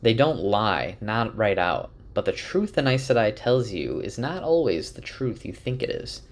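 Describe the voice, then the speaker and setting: A man voicing a gentle, fatherly older shepherd who is wounded. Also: lowish voice, very animated, moderate pace.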